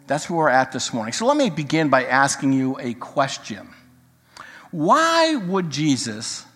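An older man, a grandfather, preaching a sermon and mixing humorous stories with Bible teaching. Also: medium pitch. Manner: storytelling, jokes then teaching, animated quoting. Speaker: pastor. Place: church sanctuary. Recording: long hall reverb.

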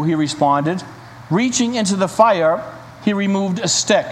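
A man's voice: high-pitched, expressive, a little slow. A man preaching a sermon and reading a story aloud, in an earnest, emphatic manner. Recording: reverberant hall, faint hiss.

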